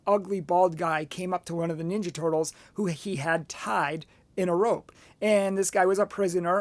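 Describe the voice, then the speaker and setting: Male Catholic speaker, earnest and expressive storyteller, dry recording. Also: high-pitched, dry recording. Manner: storytelling with personal anecdotes. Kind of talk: motivational talk.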